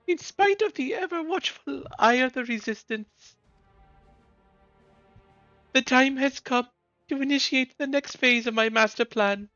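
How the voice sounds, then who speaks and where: A man's voice: extremely high pitch, a little slow, long pauses, bright, forceful tone, no echo, lo-fi sound, soft background music, voice pushed up, full character voice. A man voicing a pompous, posh male villain who poses as a leader of the poor, with grand speechifying delivery. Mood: grandiose. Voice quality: posh, haughty. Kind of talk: voicing game dialogue while streaming.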